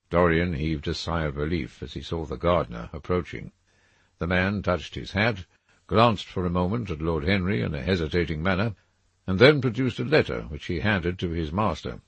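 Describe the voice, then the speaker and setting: A man reading a classic novel aloud in expressive, measured scripted narration. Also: sits low, breathy edge, dry recording. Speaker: audiobook reader.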